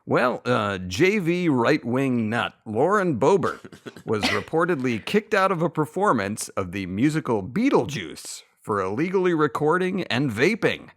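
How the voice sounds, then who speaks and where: Lively, self-amused man reading jokes. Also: mid-range voice, a little slow. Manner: laughs at his own jokes; lively up-and-down delivery. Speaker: podcast co-host. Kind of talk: reading topical joke headlines.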